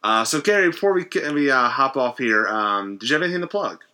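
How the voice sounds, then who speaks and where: A man co-hosting a podcast in casual chat, jokey and animated. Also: mid-range voice, quick pace, clear, resonant tone. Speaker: podcast co-host.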